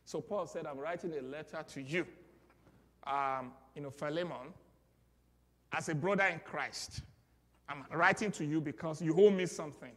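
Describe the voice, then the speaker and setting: Nigerian preacher in a reverberant hall. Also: male voice, on the high side, normal speed, long pauses. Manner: call-and-response preaching, rising to loud exclamations. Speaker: pastor. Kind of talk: sermon.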